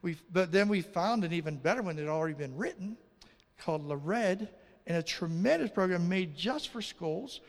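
A man telling a lively testimony as a missionary preacher, acting out the dialogue of his story. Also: high-pitched, moderate pace, long reverb tail.

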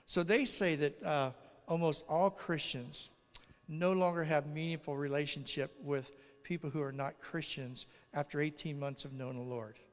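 A man's voice: on the high side, normal speed. A male pastor preaching and telling stories, acting out the people in them with raised voices. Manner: animated, acts out dialogue in raised voices. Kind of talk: sermon with storytelling. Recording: long reverb of a large hall.

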